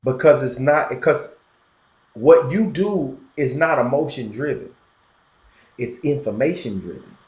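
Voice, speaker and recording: A man's voice: mid-range voice, unhurried, roomy sound. A man with a Southern Florida twang talking emphatically in a casual conversation, repeating himself for effect. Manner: animated, emphatic, repetitive. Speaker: podcast guest.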